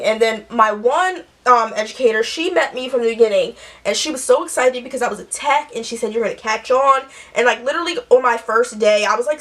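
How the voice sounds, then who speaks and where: Chatty young woman, storytime vlog. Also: on the high side. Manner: chatty, animated, acts out quotes. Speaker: nurse vlogger. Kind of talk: casual storytelling while doing makeup.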